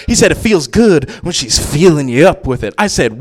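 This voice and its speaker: A man doing a stand-up set in a small venue, telling crude stories and shouting his punchlines. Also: fairly high pitch, a little fast, few pauses. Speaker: stand-up comic.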